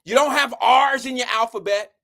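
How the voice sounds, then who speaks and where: With a creaky voice, a live show host launches into a profane comedic rant. He delivers it animatedly, swinging between loud outbursts and low, quick mutters, and addresses the audience directly as "y'all."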